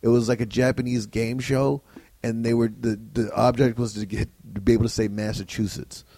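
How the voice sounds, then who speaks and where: A man's voice: mid-range voice, flat delivery, brisk, dark tone, no room sound. A man who does stand-up comedy, telling a profane story on a podcast in a ranting, conversational way. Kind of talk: casual podcast chat.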